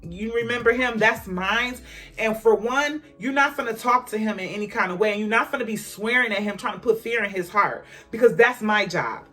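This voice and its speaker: A woman vlogger telling a personal story in a casual storytime, emphatic and animated, talking straight to her viewers. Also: a little high, fairly quick, soft background music.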